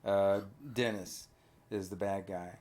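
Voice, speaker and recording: Captured on a camera mic, a man with a deep voice slowly recounts a movie plot in casual chat. An animated storyteller, he quizzes a child with questions and tag questions.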